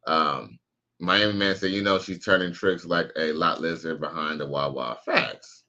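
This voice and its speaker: A man's voice: deep voice, steady tone, normal speed, bright, forceful tone, dull audio. A man casually commenting on a live stream, slangy and profane, reacting to clips and reading out chat. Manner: laid-back, slangy, profane, reads out chat messages.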